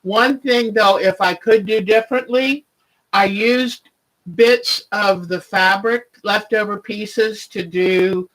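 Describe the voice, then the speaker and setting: Slow, chatty woman hosting a craft stream. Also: medium pitch, poor audio. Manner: chatty, greets viewers by name, rambling. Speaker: quilting livestream host. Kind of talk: casual livestream chat.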